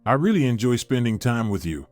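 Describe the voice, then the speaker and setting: A man's voice: medium pitch, sing-song, a little fast, a little mellow, no echo, soft background music, natural voice. A man voicing a whiny, pleading young woman who is having an affair, in a story narration.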